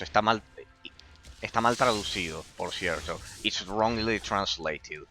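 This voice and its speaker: Guy streaming, bright forceful voice, keeps repeating himself and tripping over words. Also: lowish voice, moderate pace, a little hiss or hum. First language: Spanish. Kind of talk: casual stream chat with viewers.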